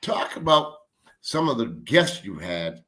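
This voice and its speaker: Guy hosting an interview over a video call, bright sharp voice, keeps saying right. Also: medium pitch, big pitch swings, unhurried. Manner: encouraging, chimes in with short replies. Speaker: host.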